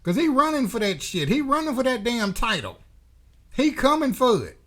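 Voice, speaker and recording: A man's voice: extremely high pitch, sing-song, normal speed, a bit bright. A man hosting a boxing commentary channel, delivering a blunt, profane, emphatic opinion rant.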